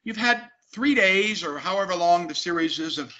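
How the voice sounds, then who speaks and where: Man, interview guest, emphatic, animated, high pitch, lo-fi sound. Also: normal speed. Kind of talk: casual interview talk. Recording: dull lo-fi sound.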